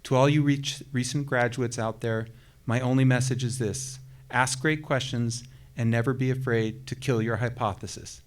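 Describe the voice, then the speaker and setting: A man's voice: mid-range voice, fairly even intonation, moderate pace. Chatty man hesitantly reading remarks at a podium. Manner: hesitant and chatty, with many fillers. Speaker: faculty colleague reading remarks on another's behalf. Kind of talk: podium speech reading a prepared statement. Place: auditorium at a commencement ceremony.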